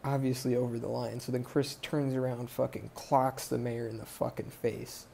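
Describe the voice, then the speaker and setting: A man's voice: medium pitch, level tone, moderate pace, vocal fry, dark tone, a little hiss or hum. A man hosting a podcast who recaps a movie in a casual, rambling way, swearing freely and wandering off track. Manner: rambling, profane, sidetracked. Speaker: podcast host.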